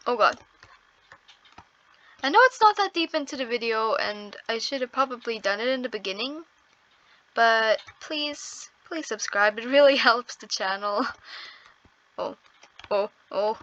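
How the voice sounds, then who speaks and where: A woman's voice: fairly high pitch, expressive, measured pace, pauses often, bright, forceful tone, muffled recording. A woman giving casual gameplay commentary on her first video, nervous and apologetic, exclaiming often. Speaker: first-time gaming video creator.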